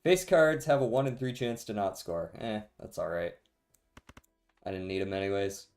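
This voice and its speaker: A man's voice: lowish voice, normal speed, soft background music. A young man streaming a card game, giving dry, sarcastic commentary and swearing freely. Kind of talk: casual gameplay commentary.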